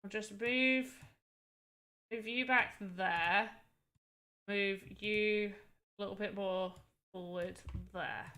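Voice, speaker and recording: A woman's voice: mid-range voice, steady tone, slow pace, pauses often, pushed and bright. A woman streaming as she builds a game, thinking aloud and exclaiming at what happens on screen. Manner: thinks aloud while testing her game. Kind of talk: casual live-stream chat.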